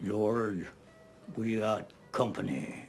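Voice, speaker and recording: A man's voice: fairly low pitch, drawn-out words, vocal fry, a little mellow, soft background music, exaggerated voice. An actor playing a folksy older male barber who spins rambling yarns in an easygoing way. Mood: amiable. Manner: easygoing, rambling yarn-spinner.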